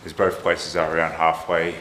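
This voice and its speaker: Here a deep-voiced marathon runner and travel vlogger strolls through a breezy town by a lake and hillside, narrating at a moderate pace. He sounds relaxed and conversational, musing aloud, while the rough outdoor recording carries wind and traffic noise.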